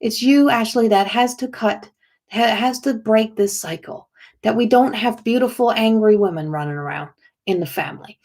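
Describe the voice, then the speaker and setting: A woman's voice: a little high, moderate pace, a little mellow. A woman giving a spontaneous oracle card reading as a psychic medium, rambling with lots of "like" and restarts as she relays what a spirit tells her.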